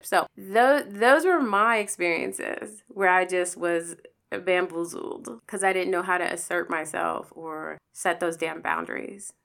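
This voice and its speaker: A woman telling a candid personal story in a casual monologue, animated, with swearing and acted-out quotes. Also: lowish voice, unhurried, vocal fry.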